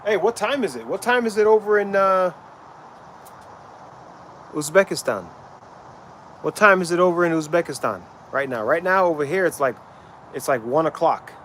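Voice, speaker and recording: A man's voice: a little high, animated, normal speed, long pauses, fairly bright tone, a little hiss or hum. A man livestreaming while training, chatting casually with viewers and stumbling over names as he asks questions.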